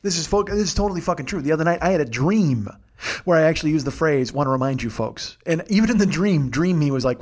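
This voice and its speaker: A man hosts a comedy podcast alone, riffing in a rambling, profane monologue. He talks fast in a slightly high voice and keeps veering into absurd, self-mocking tangents. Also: animated, a little mellow. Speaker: podcast host.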